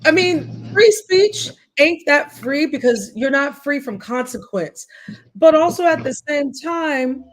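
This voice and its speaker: A woman co-hosting a casual chat show, talking in a blunt, profane, animated way. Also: high voice, takes it slowly. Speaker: podcast co-host.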